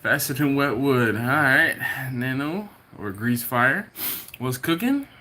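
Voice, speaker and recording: A man's voice: mid-range voice, expressive, slow pace, bright, forceful tone. A man hosting a casual live stream from home, greeting viewers by name and chuckling as he reads their comments. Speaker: barbecue livestream host.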